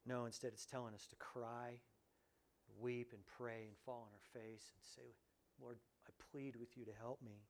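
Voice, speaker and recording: Speaking in a mid-range voice at a moderate pace, this pastor delivers a lively sermon. Loud exclamations give way to quiet, hushed lines, and he performs the voices of those he quotes.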